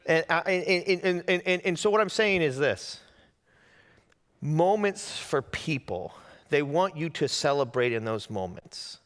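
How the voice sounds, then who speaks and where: A man's voice: a little high, expressive, unhurried, a bit bright, long reverb tail. A young adult man, a pastor, giving a sermon and telling a personal story animatedly, acting out quotes.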